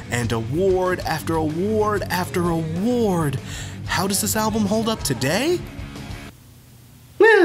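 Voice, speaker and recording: A man in his thirties, a rock critic host, delivering scripted music review commentary in an emphatic, sardonic way. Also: a little high.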